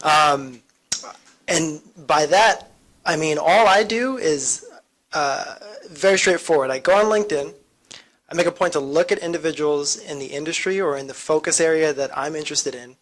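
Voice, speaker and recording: A man's voice: on the high side, moderate pace, fairly bright tone. A man speaking on an alumni career panel, eager and chatty, with a self-deprecating streak. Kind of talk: casual seminar talk.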